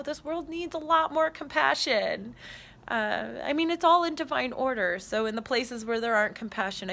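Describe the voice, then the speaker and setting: Woman, spiritual vlogger; earnest, heartfelt delivery, bright tone with a gravelly edge, phone mic outdoors. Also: on the high side, a little hiss or hum. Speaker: spiritual channeler. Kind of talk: casual spiritual vlog. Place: outdoors on a trail.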